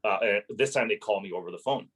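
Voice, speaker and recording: A man, a landlord and podcast guest, telling a story in a casual interview, animated and swearing freely as he relives his anger. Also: fairly low pitch, quick pace, breathy edge, rough recording.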